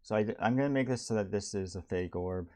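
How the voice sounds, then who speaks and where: Halting young man streaming, low voice. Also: darkish tone. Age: young adult. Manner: halting, many restarts and ums, reads chat aloud. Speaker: streamer building a game level. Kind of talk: casual live-stream talk.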